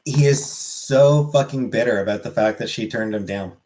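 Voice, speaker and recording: Low-voiced man casually chatting on stream. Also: moderate pace, darkish tone, rough recording. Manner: answers chat questions, swears freely. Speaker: live streamer. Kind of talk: casual live stream chat.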